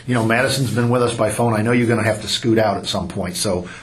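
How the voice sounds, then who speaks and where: A man's voice: on the low side, quick pace. A man hosting a podcast, asking loose, rambling questions in an easygoing way. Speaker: podcast host. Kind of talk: casual podcast interview.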